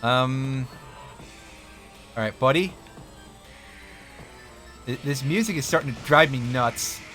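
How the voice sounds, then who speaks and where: Playing a video game live, a man gives wry commentary at his own expense and talks to his chat along the way. He speaks slowly in a medium-pitched voice that sounds pushed and bright, over faint game music.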